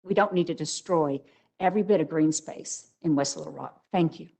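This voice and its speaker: A woman's voice: low-pitched, moderate pace, gravelly, dark tone, rough recording. An older woman speaking as a resident at a public hearing, emotional and emphatic. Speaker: resident giving public comment.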